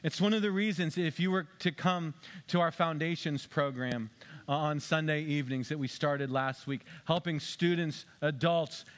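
A man delivers a sermon as pastor, his voice sitting a little high. He talks conversationally and pokes fun at himself. He swings between loud, emphatic bursts and low, hushed stretches. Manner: conversational, joking and self-mocking preaching.

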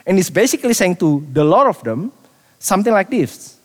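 A man preaching a sermon as a pastor, animated, repeating himself and dropping quiet for emphasis. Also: sits high, brisk, big-room sound.

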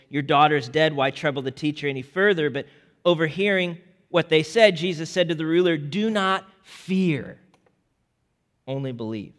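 A man preaching a sermon as a pastor, earnest and deliberate, sometimes restarting his words. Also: on the high side, long reverb tail.

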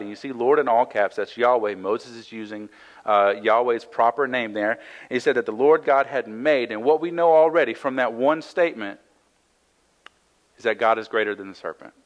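A man's voice: medium pitch, moderate pace, highs cut off. A man preaching and teaching through a Bible passage in a conversational sermon, reading verses aloud and explaining them with frequent "right?" asides. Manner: reads scripture aloud then explains it. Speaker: pastor.

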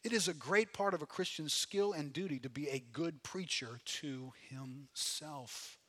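A man delivering a sermon in a high, bright voice. He is animated, sinking to quiet asides and rising to shouts as he acts out the voices in a listener's head. His tone stays forceful and ringing throughout. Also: measured pace. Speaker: pastor.

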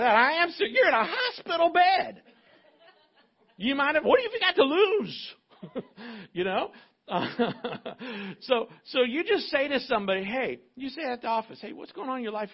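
A man preaching a sermon as pastor, animated and acting out little dialogues in different voices. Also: high voice, breathy edge, muffled recording.

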